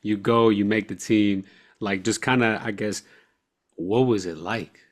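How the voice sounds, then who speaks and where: A man with a somewhat low voice hosts a casual interview. He keeps to short, encouraging prompts that draw out his guest. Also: fairly even intonation, unhurried. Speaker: podcast host.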